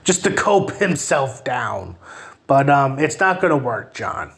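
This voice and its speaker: A man's voice: medium pitch, sing-song, slow pace, creaky, a bit bright. A man giving casual live-stream commentary, taunting and sarcastic toward the person he covers. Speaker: online commentator.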